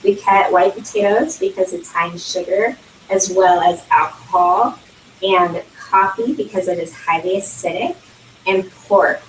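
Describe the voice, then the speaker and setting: Speaking unhurriedly in a lowish voice, a young consultant chats through a casual product talk at a home launch party, full of fillers and laughing often. The sound comes from a distant camera in a roomy space, with a little background noise.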